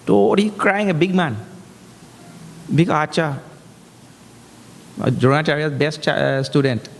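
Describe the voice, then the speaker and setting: A man giving a humorous, animated scripture discourse as a spiritual teacher, breaking into chanted verses. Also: fairly high pitch, measured pace, creaky, slight background noise. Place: large hall. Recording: echoey hall.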